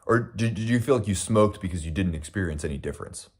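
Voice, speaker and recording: A man's voice: deep voice, lively intonation, fast, a little mellow, breathy edge. A young American man hosting a casual livestream, eating breakfast while he reads and answers viewer comments in a rambling, reflective way with many fillers. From United States. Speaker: livestream host.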